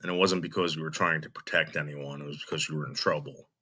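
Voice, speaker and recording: A man's voice: a bass voice, steady tone, fast, sharp tone. A man giving blunt, scornful commentary on a clip and addressing its subject directly. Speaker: commentary streamer reacting to a clip. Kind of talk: reaction commentary.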